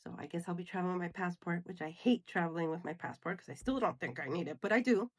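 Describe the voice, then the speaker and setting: A woman from the United States, middle-aged, telling a story to camera in a casual, animated way, acting out the dialogue and slipping into Spanish phrases. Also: fairly low pitch, fast talker. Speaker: vlogger.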